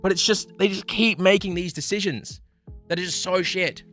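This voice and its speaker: A man's voice: moderate pace, soft background music. Profane, frustrated male streamer. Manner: swings between loud outbursts and low muttering. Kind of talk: live-stream rant.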